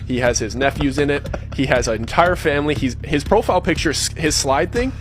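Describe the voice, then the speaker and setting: A man telling a long personal story in a casual podcast chat, animated and acting out the other people's lines. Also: fairly high pitch. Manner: fast, animated, acts out dialogue in shifting voices.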